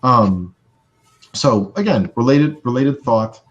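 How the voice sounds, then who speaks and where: A man's voice: mid-range voice, expressive, slow pace, muffled recording. A man teaching social skills in a live webinar, casual and conversational with many fillers.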